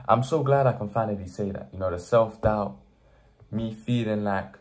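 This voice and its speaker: Speaking at normal speed in a lowish voice, a young motivational vlogger addresses the camera directly. He earnestly preaches hard work, with the talk climbing to emphatic pushes.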